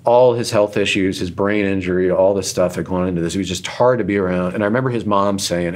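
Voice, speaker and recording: An author and radio host, interviewed as a guest, tells candid personal stories in an earnest, self-deprecating, rambling way. He gets emotional and is choked up in places. His low-pitched voice moves fast, with hardly any pauses.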